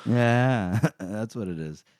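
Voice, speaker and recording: A man's voice: on the low side, takes it slowly, darkish tone, clear, resonant tone, no room sound, clean studio sound. A man co-hosting a casual book chat podcast, talking loosely, swearing and laughing often. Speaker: podcast co-host.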